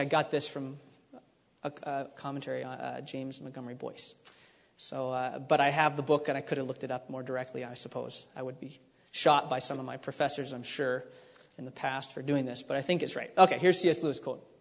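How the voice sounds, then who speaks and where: A man preaching a sermon, animated and dramatic, acting out the lines he reads. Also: medium pitch, brisk, gravelly. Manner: animated, acts out scripture voices, many restarts. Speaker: pastor. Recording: long hall reverb.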